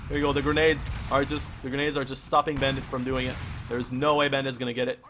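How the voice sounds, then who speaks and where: A man casting a live esports match, hoarse from losing his voice and talking in halting bursts full of restarts and fillers. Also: mid-range voice, flat delivery, background noise. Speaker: esports caster. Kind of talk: live play-by-play commentary.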